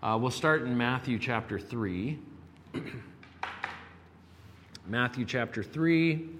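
A man teaching a Bible lesson in a measured, explanatory way, with occasional fillers as he looks up passages. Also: fairly low pitch, a bit bright, in a large hall, slight background noise.

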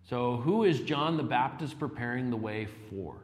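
A man teaching a Bible lesson in a measured, explanatory way, with occasional fillers as he looks up passages. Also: mid-range voice, animated, big-room sound.

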